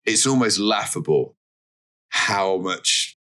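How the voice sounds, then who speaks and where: A jokey English man with a very low voice that still has a bright, forceful edge. He talks as a guest in a relaxed chat and pokes fun at himself. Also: slow pace. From England. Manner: jokey, self-deprecating. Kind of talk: casual chat.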